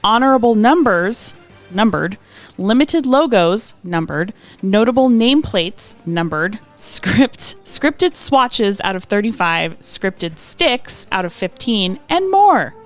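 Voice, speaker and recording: Woman, podcast co-host, reads release notes, dry asides, mid pitch, faint music behind. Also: very animated, takes it slowly. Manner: reads details, then adds dry asides.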